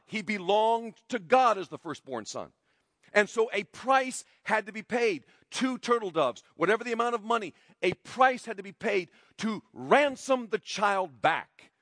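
A male pastor preaching a sermon, emphatic, slowing down for stress and dropping to quiet lines at key moments. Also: expressive, dry recording, studio quality. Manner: emphatic, varies pitch and loudness widely, slows for stress.

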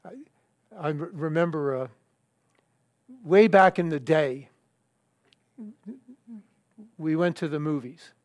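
An older man with a slightly high voice preaches a sermon, reading scripture and telling a story in a halting, conversational way full of fillers and restarts. The recording is dry and studio quality.

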